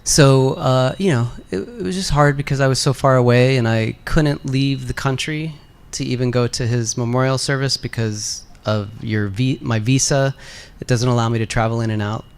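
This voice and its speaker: A man speaking as the guest actor on a fan convention panel, relaxed and candid, with frequent fillers. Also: medium pitch, normal speed, clean tone. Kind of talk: casual panel answers.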